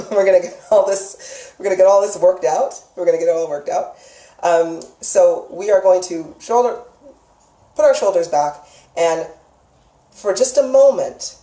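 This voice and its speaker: A woman's voice: on the low side, dark tone. A woman teaching a live lesson on energy healing in an instructive, emphatic way, repeating key phrases and checking in with "okay?". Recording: echoey room, mic far off.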